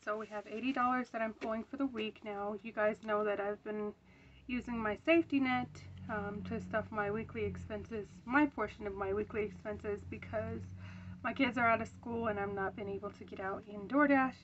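A woman's voice: mid-range voice, steady tone, moderate pace, muffled recording, slight background noise. A young woman vlogging at home about her budget, chatty with many ums, out of breath as she counts bills aloud. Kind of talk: casual budgeting talk while counting cash.

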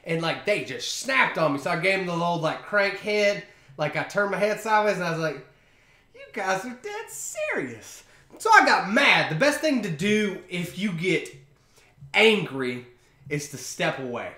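A man talks through his own podcast in a loose, slangy ramble packed with fillers. His voice sits high and bright, bouncing up and down as he goes. The room around him gives a noticeable echo. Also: animated, moderate pace. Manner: chatty, slangy storytelling with many fillers. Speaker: podcast host. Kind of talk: casual solo podcast monologue.

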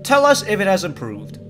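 A man's voice: high voice, fairly bright tone, pitched above the performer's own voice, exaggerated voice. A man voicing a cheerful teenage girl in a game, reading her dialogue aloud with an earnest, chatty manner. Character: cheerful teenage girl musing about life.

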